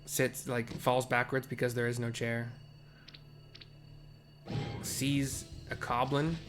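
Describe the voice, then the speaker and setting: A man casually describes game cutscenes as they play, chatty and full of self-corrections. His voice sits in a middle pitch range for a man. Faint game music runs underneath. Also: level tone, takes it slowly, fairly bright tone. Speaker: game narrator.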